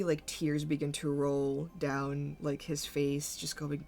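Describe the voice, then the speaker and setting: A woman's voice: sits low, little pitch movement, creaky, darkish tone. A woman narrating as game master for a tabletop game, hesitant and full of fillers. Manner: slow, hesitant, many fillers.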